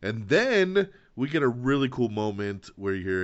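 A man hosting a casual podcast chat, talking excitedly with lots of profanity and acting out quotes. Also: mid-range voice, moderate pace, highs cut off. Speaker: podcast host.

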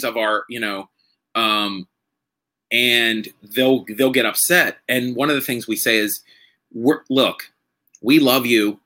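Male podcast host, thirties, bright tone, loose and rambling delivery with lots of restarts. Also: mid-range voice. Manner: rambling, halting, full of fillers and restarts. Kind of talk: casual conversation.

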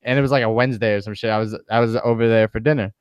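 A man's voice: fairly low pitch, fairly even intonation, racing, smooth, no room sound, studio quality. A young man telling laid-back stories in casual chat, full of slang and swearing. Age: young adult.

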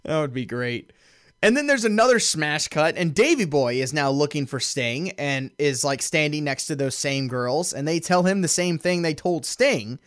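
Animated, high-voiced male podcaster. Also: normal speed, smooth, dry recording, clean studio sound. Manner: animated, laughs often, restarts. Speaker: podcast co-host. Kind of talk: casual chat recapping a show.

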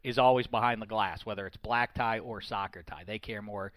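Male podcast host, lively and teasing, smooth bright voice, dry room. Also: on the low side, fairly quick, dry recording. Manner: animated, teasing, jokey. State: a bit sick, sweaty. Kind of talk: casual sports chat.

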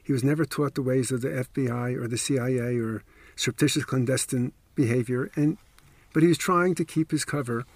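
A man's voice: mid-range voice, brisk, dry recording. A man narrating a true story on a podcast, emphatic with wry asides, close to the mic.

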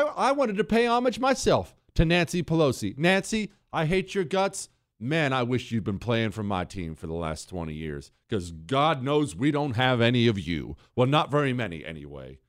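A man's voice: mid-range voice, dry recording, studio quality. A man hosting a talk radio monologue, ranting in a sarcastic way. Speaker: radio host.

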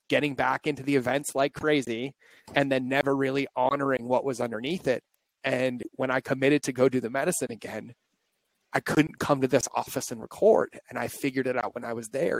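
This medium-pitched man hosts a podcast and talks with confessional openness, reflecting aloud as his voice trembles on the edge of tears. There's no echo, though the audio quality is rough.

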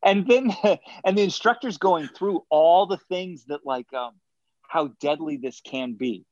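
Man, interview guest, animated storyteller, acts out quotes, muffled dull audio. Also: fairly high pitch, unhurried, dry recording. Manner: animated anecdotes, acts out quotes, chuckles often. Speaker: guest athlete.

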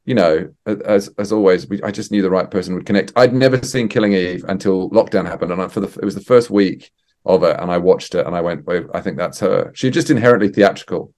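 A man, a theatre director guest on a remote podcast interview, speaking thoughtfully with halting restarts. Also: deep voice, a little mellow. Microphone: remote call.

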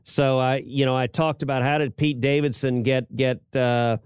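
A man's voice: medium pitch, level tone, normal speed, clean tone, dry recording, clean studio sound. A middle-aged man co-hosting a political podcast, talking casually with frequent stammered restarts and chuckles at his own jokes. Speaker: podcast co-host, senator.

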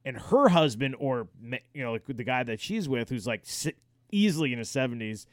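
A man co-hosting a podcast, telling stories in casual chat, animated and swearing freely. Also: medium pitch, a little fast, no room sound, clean studio sound. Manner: animated storyteller, swears freely, acts out quoted yelling. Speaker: podcast co-host.

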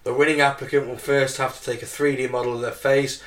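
Man, 40s, podcast co-host, dry, reads news, mid pitch. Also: level tone, quick pace, fairly bright tone. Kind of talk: casual chat, reading news items.

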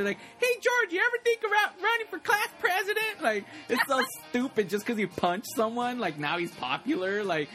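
Casual co-host, a man with a fairly high voice who rambles and acts out scenes. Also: fairly bright tone. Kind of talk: casual chat about a movie.

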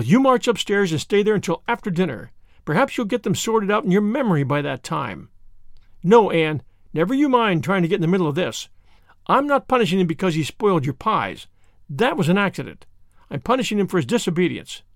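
A man's voice: sits high, sing-song, brisk, vocal fry, no room sound, studio quality, heavily acted. A man voicing a stern strict older woman. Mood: scolding. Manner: scolding, firm.

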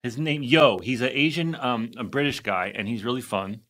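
A man's voice: medium pitch, moderate pace, a bit bright. A man co-hosting a podcast in casual, playful chat. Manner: playful, chatty, lots of fillers. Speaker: podcast co-host.

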